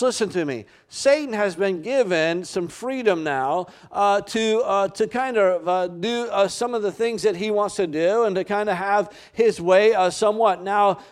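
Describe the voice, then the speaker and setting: A man preaching a sermon to his church, earnest, with frequent fillers, sometimes slowing for scripture and sometimes rushing. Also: high-pitched, clear, resonant tone. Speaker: pastor.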